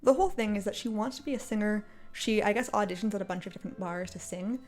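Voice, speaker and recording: A woman's voice: medium pitch, fast, a little mellow. A woman ranting casually about a TV show from her apartment, exasperated and sarcastic, laughing often. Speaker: video creator. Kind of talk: casual commentary rant. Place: apartment, indoors. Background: faint cafe music.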